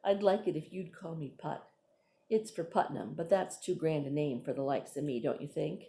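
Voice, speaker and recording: Woman reading as a gentle, weary old man. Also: sits low, normal speed, gravelly.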